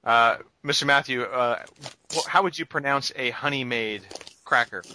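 Very bright-voiced teasing man. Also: medium pitch, normal speed, a little hiss or hum. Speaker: podcast co-host. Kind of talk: casual podcast chat.

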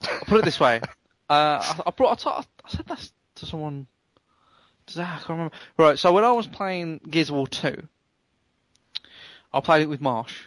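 A man with a fairly high voice reads listener emails on a podcast and keeps breaking off for wry comments. The sound is close and dry, with no room in it. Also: lively intonation, normal speed, long pauses, a bit bright, dry recording. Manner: chatty, wry asides while reading. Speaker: podcast co-host. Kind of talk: casual podcast chat, reading listener email.

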